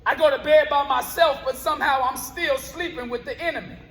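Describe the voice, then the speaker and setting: A man's voice: very high voice, fairly quick, fairly bright tone. A man performing spoken word poetry live on stage, with a rhythmic, rhyming delivery. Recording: roomy live venue with long reverb.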